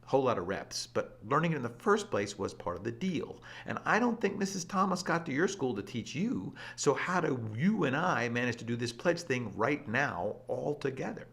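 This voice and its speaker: A man presenting an energetic scripted explainer with a lively, playful and emphatic delivery. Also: mid-range voice, moderate pace, creaky, hardly any pauses, breathy edge. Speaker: educational presenter.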